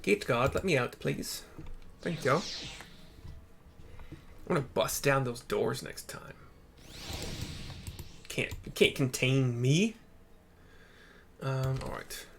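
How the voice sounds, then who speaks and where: A man's voice: mid-range voice, slow pace, vocal fry, pauses often, faint music behind. A man casually commenting on a game he plays, joking and swearing while reading out story text. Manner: joking, profane, self-mocking. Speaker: let's play host.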